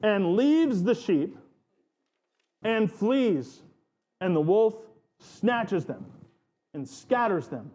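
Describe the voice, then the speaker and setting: A male pastor delivers a sermon in a church. He talks at an unhurried, measured pace, and his voice sits a little high for a man. He stretches out and stresses the phrases he wants to land. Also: big pitch swings, warm tone. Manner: earnest, emphatic preaching with slow stressed phrases.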